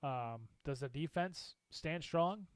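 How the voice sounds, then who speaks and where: A man co-hosting a casual sports talk show, animated and opinionated, laughing often as he makes his picks. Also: a little high, slow pace, smooth, dry recording. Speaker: co-host.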